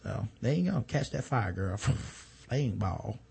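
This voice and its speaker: A man co-hosting a podcast, chatting casually and reading listener emails aloud with low muttered asides. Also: sing-song, slow pace, creaky, dark tone, husky. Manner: laid-back, drops into a low mutter for asides, reads letters aloud. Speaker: podcast co-host.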